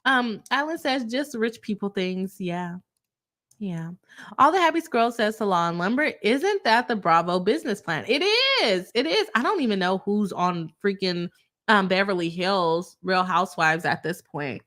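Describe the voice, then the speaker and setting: A woman's voice: mid-range voice, animated, moderate pace, fairly bright tone. A woman hosting a casual live stream, reading out viewer comments and laughing often between her remarks.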